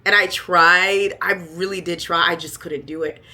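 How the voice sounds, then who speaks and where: A middle-aged woman vlogger chatting casually to her viewers, animated and emphatic, often laughing and bursting into loud exclamations. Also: on the low side, a little slow. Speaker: lifestyle vlogger. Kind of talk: casual chat to camera.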